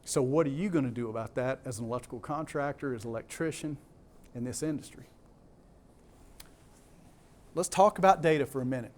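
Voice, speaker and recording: A man's voice: medium pitch, a little fast, pauses often, a little mellow. A man with a Southern US accent giving a keynote talk to a live audience, emphatic, repeating key words and putting questions to the crowd. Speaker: conference speaker.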